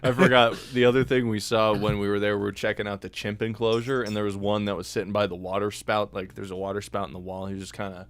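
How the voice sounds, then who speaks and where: Male co-host, lowish voice, slangy laughing storyteller. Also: little pitch movement, fast talker, hardly any pauses, dry recording. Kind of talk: casual chat.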